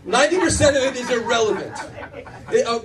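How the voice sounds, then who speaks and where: Brief: middle-aged male comic, brash and profane, animated delivery, slightly distant mic. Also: very high-pitched, quick pace, a faint crowd. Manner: brash, profane storytelling with self-mocking asides. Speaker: stand-up comedian. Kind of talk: stand-up comedy routine. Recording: faint room noise, mic from afar.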